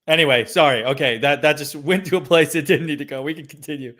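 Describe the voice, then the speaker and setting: A man's voice: a little high, moderate pace, fairly bright tone. A man on a casual podcast who cracks jokes and laughs at them. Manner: joking, laughs at own jokes. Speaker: podcast co-host. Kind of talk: casual chat.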